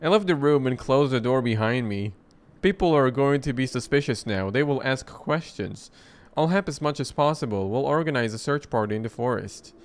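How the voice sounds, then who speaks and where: A man reading game dialogue aloud as a soft-spoken, creepy male doll shop owner who talks calmly and quietly. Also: mid-range voice, normal speed, natural voice. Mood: plotting. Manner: calm, quiet and unsettling.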